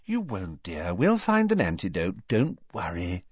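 A man voicing a warm-hearted middle-aged mother in a storybook reading. She speaks gently and patiently, in a soothing lilt. The sound is dry and a bit dull. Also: sits high, sing-song, slow, gravelly, slightly rough, no room sound, pitched above the performer's own voice, full character voice. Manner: gentle, reassuring.

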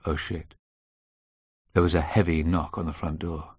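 Guy reading a thriller aloud, deep husky voice, measured and tense. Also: flat delivery, darkish tone, no echo, studio quality. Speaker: audiobook narrator. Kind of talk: scripted narration.

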